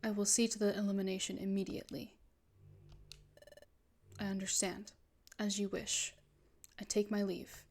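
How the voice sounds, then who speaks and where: A woman reading the lines of a sinister, formal male ghost Pokemon from a video game in a low, hushed voice. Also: flat delivery, normal speed, long pauses, a little hiss or hum, lightly acted. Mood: cold, formal.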